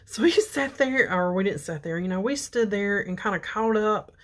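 A woman's voice: medium pitch, expressive, normal speed. A woman, chatting and telling a story while she does her makeup for a beauty vlog. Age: 50s. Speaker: beauty vlogger. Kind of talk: casual makeup chat.

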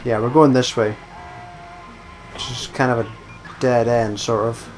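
A young man giving casual let's-play commentary, muttering and swearing at the screen, with sudden loud bursts when he wins. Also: medium pitch, little pitch movement, unhurried, faint music behind. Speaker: gameplay commentator.

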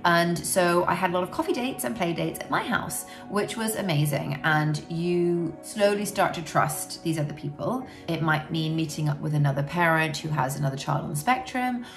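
A woman's voice: fairly low pitch, expressive, moderate pace, creaky, hardly any pauses, soft background music. A woman sharing her experience as a parent in a frank, reflective talk to camera, often saying "you know". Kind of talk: candid personal talk to camera.

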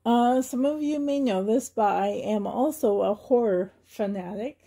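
A woman's voice: fairly high pitch, measured pace, warm tone. A woman from Canada vlogging in a chatty, rambling way, often laughing and getting emotional. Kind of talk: casual chatty tag video.

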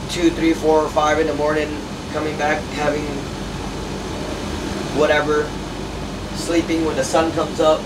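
Man, casual stream chat, frustrated, rambling, distant mic, noisy room. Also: fairly high pitch.

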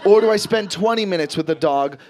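A man performing a stand-up comedy set, telling stories animatedly and swearing freely, his voice jumping high and loud when he acts panicked. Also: fairly quick, a faint crowd. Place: stage in front of a live audience. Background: audience laughter.

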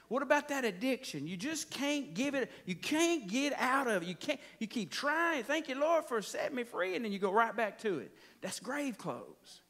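A man's voice: very high voice, very animated, moderate pace, few pauses, fairly bright tone. A man preaching a sermon in a church, conversational and playful, stretching out key phrases for emphasis. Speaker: pastor. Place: church sanctuary.

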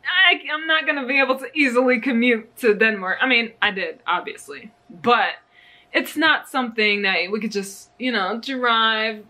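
A young woman from the US talks through her knitting haul in a bubbly, gushing way, laughing often as she goes. Her voice sits a little high and rings very bright. The tone stays casual and chatty. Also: moderate pace. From United States. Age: young adult. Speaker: knitting vlogger. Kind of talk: casual yarn haul chat.

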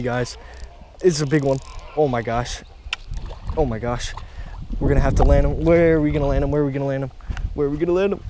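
A young fishing vlogger narrates his trip to the camera from beside a pond, casual and excitable, repeating phrases and constantly saying "guys" and "oh my gosh" to viewers. His middle-pitched voice moves at a quick pace with frequent pauses, over a light hiss of outdoor noise.

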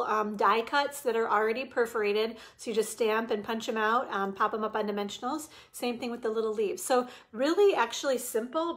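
A middle-aged woman with a somewhat high voice runs a casual live stamping demo from her home craft room. She talks in a chatty, rambling way, filling pauses with ums and greeting viewers by name. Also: a bit bright.

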